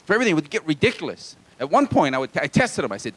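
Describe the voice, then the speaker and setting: A man's voice: a little high, big pitch swings, rapid-fire, hardly any pauses, fairly bright tone, dry recording. A man from Hawaii doing a live stand-up set in a small comedy club, with self-deprecating, wry asides to the crowd.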